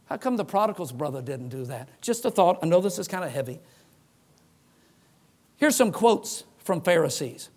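High-voiced middle-aged male preacher. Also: moderate pace, pauses often. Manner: animated storyteller who acts out quoted voices. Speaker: pastor. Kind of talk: sermon.

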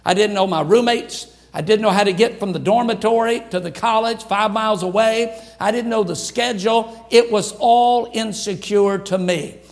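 A man's voice: high-pitched, moderate pace, few pauses. An older man from Louisiana preaching a sermon in an emphatic, repetitive cadence. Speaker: pastor.

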